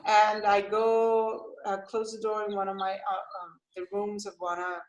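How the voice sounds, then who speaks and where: A woman from Costa Rica, a mother of young children, talking as an interview guest in an animated way, laughing often and restarting her sentences. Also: medium pitch, a little slow, reverberant, slight background noise, poor audio. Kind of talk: casual interview chat.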